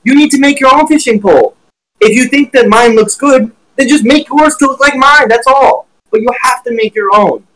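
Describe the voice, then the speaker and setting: A man teaching trading on a live stream with blunt, profane, animated talk while sharing his screen. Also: very high-pitched, normal speed, rough recording.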